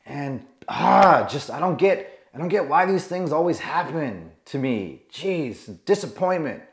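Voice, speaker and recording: A man's voice: high voice, lively intonation, moderate pace, reverberant, pitched above the performer's own voice. A man voicing a disappointed, petulant father in his thirties or forties with a sulky, self-pitying whine. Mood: dejected.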